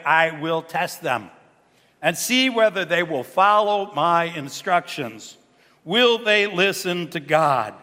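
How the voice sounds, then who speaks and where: Male pastor, sermon, high lively voice, bright tone, long church reverb. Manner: animated, rhetorical questions, drops to low murmurs. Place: church sanctuary.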